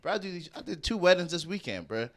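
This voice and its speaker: A man's voice: high-pitched, very animated, fast. A man co-hosting a podcast, talking in a laid-back, emphatic way full of slang. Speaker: podcast host. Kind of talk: casual chat.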